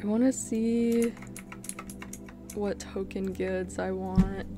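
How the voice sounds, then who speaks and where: A young woman giving casual, chatty gameplay commentary, easily startled and quick to make fun of herself. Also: medium pitch, steady tone, over music. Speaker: gaming video creator.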